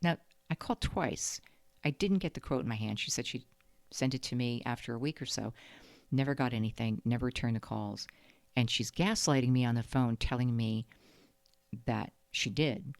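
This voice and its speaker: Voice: medium pitch, moderate pace, no room sound. Host, casual storytelling to camera, emphatic, aggrieved, dry sound. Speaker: channel host.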